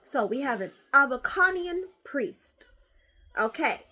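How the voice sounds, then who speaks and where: A woman vlogger chatting casually as she opens card packs, animated and swearing freely. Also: high voice, takes it slowly. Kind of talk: casual chat.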